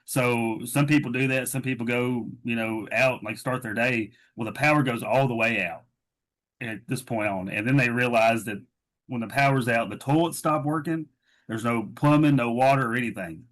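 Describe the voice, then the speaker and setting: A man's voice: medium pitch, moderate pace, fairly bright tone. A man co-hosting a podcast, retelling a story in casual, rambling chat full of fillers. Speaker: podcast co-host.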